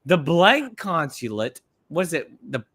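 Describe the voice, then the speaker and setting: A man co-hosting a casual live podcast, reading a document aloud and breaking in with animated, swearing asides. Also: on the high side, slow pace. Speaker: podcast co-host.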